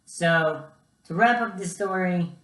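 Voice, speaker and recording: A man's voice: sits high, slow, pushed and bright. Young male vlogger, casual storyteller who talks to his viewers, recorded in a roomy space. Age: young adult. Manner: chatty, keeps addressing viewers as guys. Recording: echoey room.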